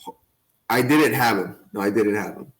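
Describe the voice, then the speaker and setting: A man's voice: lowish voice, animated, moderate pace, a loud crowd, poor audio. Rambling man talking sports. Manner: rambling with fillers and laughs. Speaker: podcast co-host. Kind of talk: casual sports chat.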